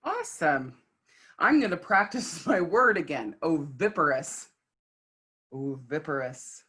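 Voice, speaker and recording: A woman's voice: medium pitch, big pitch swings, measured pace, fairly bright tone, husky. A woman co-leading a children's class over a video call. She sounds playful and eager, joining in with the lesson. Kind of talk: online kids' class.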